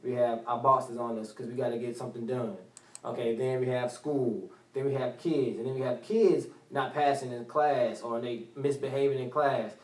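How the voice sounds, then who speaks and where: A man's voice: mid-range voice, steady tone, moderate pace, far from the mic. A man hosting a talk radio show, rambling and repeating phrases as he talks. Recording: roomy studio sound from off mic.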